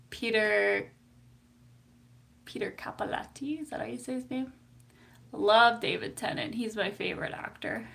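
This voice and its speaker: Chatty woman with vocal fry. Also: medium pitch, pushed and bright. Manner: chatty and giggly, many fillers like "like". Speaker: psychotherapist. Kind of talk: casual live-stream chat.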